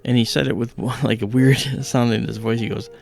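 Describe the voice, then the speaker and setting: A man's voice: medium pitch, fairly even intonation, normal speed, creaky, a little mellow, faint music behind. A man hosting a livestream, chatting casually and telling a personal story with many fillers and acted-out quotes. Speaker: livestream host.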